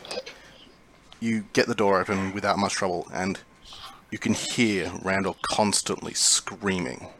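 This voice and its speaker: Low-voiced man narrating as game master. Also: noisy background. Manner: calm, measured scene narration.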